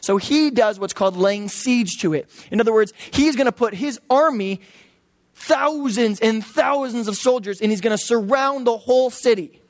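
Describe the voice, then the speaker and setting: An animated preacher delivers a sermon at a church service, telling the story with jokes and small acted-out voices. The voice sits at a middle pitch, and the sound is dry and close, with no room echo. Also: normal speed. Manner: animated, joking storyteller who acts out voices.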